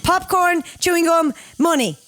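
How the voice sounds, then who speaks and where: A young woman co-hosting a podcast, teasing and laughing as she runs a quick quiz. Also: very high voice, fairly bright tone, dry recording. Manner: giggly, teasing quizmaster. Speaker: podcast co-host. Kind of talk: casual chat. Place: small room, in a dinosaur costume.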